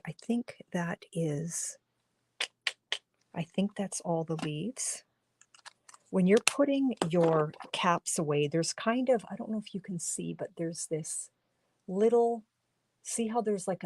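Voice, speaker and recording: A woman's voice: medium pitch, expressive, a little slow, background noise. A woman hosting a live-streamed card-making class from her home studio, chatting and explaining as she colors, and losing her voice. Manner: chatty and instructive, talking while coloring, often drops to a murmur. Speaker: crafting class host. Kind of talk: live-streamed craft demonstration.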